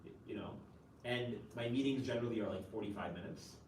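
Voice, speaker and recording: A man's voice: on the low side, fast talker. A man who serves as a chaplain, speaking at a campus talk and answering an audience question in a conversational way, often using "like", "you know" and a questioning "right?". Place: campus event room. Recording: roomy, distant, faint noise.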